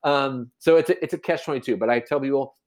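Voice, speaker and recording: A man's voice: mid-range voice, quick pace, darkish tone. A man explaining real estate in a casual podcast chat, rambling with many restarts and fillers. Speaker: real estate agent guest.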